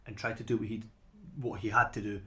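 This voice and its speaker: A man's voice: on the low side, little pitch movement, fast, a bit bright. Man chatting on a podcast. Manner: conversational, repeats words when starting sentences. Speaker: podcast co-host. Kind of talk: casual chat.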